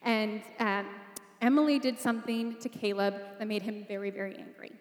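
A woman's voice: medium pitch, steady tone, normal speed. A woman giving a sermon, telling a story in a conversational way and asking the listeners rhetorical questions. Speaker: preacher. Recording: echoey hall.

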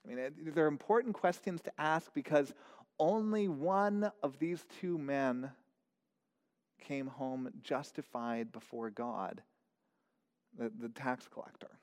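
A man's voice: fairly high pitch, takes it slowly, long reverb tail. A man preaching a sermon in an earnest, questioning way, often repeating his words as he goes. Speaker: pastor.

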